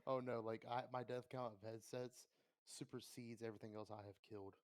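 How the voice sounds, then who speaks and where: A man's voice: mid-range voice, steady tone, a little fast, no room sound. A man co-hosting a casual gaming podcast, tired from long work nights, chatty and self-deprecating. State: tired from work, sore eyes. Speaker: podcast co-host and streamer.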